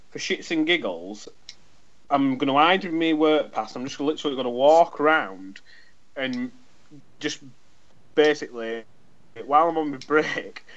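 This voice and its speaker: Man, co-host, higher-pitched voice, rambling story, swears, slightly dull lo-fi audio. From England. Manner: rambling, swears casually, acts out both sides of dialogue. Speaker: podcast co-host. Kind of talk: casual chat, storytelling anecdote.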